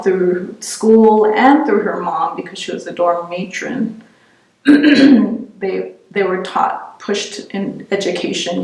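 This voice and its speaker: A middle-aged woman giving an oral history interview, reflective and halting, often restarting her sentences. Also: on the low side, a little mellow. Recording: roomy, distant mic.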